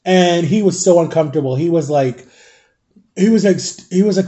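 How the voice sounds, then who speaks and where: A middle-aged man tells a rambling story in a casual vlog, stopping often to clear his throat or cough. His voice sits a touch high but sounds mellow and warm. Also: moderate pace. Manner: chatty, swears casually. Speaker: vlogger.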